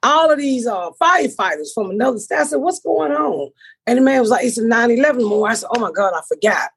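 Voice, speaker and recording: This is an American woman in middle age, hosting a casual podcast. Her voice is raspy and breathy, sitting a bit high. She tells profane, animated stories, acting out her own lines and everyone else's. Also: fast talker. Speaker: podcast host. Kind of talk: casual chat, storytelling.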